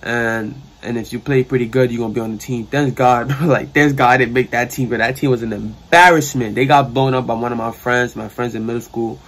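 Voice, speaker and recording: Medium-pitched and fairly quick, this young adult's voice carries a New York accent and runs on with hardly any pauses. Sitting in his sister's bedroom, the vlogger gives a rambling, slang-heavy, animated retelling in a casual storytime.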